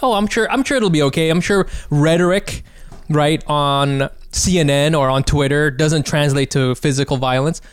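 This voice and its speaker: Male comedy co-host, rambling sarcasm, smooth, dry close-mic sound. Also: a little high, moderate pace, no echo. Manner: rambling, sarcastic, many restarts. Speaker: podcast co-host. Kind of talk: casual comedy podcast chat.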